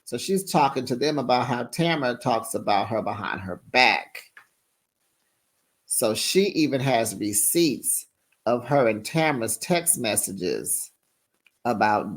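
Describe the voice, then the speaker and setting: A host doing casual recap commentary, telling the story with animated energy and sassy asides like "honey" and "child.". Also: mid-range voice. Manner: animated storytelling, acts out quotes.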